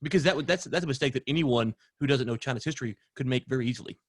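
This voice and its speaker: Male host, mid pitch, loose rambling question style, dry mic. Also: rapid-fire, no room sound. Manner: rambling, searching questions with fillers. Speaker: podcast host. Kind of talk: interview questions.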